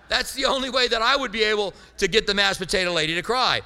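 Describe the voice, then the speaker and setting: Middle-aged male pastor, humorous storyteller, forceful tone. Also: high voice, lively intonation, fast, few pauses, long reverb tail. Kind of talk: sermon.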